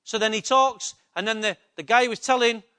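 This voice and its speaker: Male preacher, high voice, emphatic sermon delivery, repeats lines, quizzes the congregation. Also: fairly quick, pushed and bright, clear, resonant tone. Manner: emphatic, repetitive, asks the congregation questions. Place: church.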